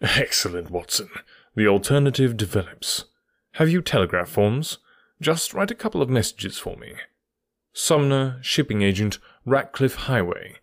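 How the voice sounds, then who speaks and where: A man reading the part of a confident Victorian detective, crisp and dryly critical. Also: medium pitch, big pitch swings, normal speed, no echo, studio quality. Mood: brisk. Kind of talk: audiobook dialogue reading.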